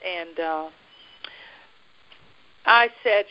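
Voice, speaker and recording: A woman from the United States, a guest telling a personal faith testimony in a lively way, laughing often and acting out the dialogue she quotes. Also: medium pitch, normal speed, highs cut off.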